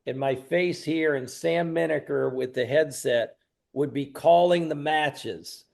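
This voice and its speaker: An older man in his sixties with a gravelly, creaky voice that sits a bit high. He tells his stories with animated bursts of emphasis, as a guest in an interview. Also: unhurried. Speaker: guest, wrestling announcer and promoter. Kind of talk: storytelling interview.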